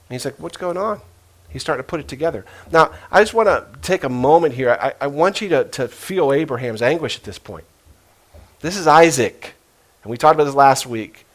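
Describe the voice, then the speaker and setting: A middle-aged man preaching a sermon as a pastor, telling stories earnestly and dropping to a hush for quoted voices. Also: medium pitch. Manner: earnest storytelling, emotional retellings with hushed quoted voices.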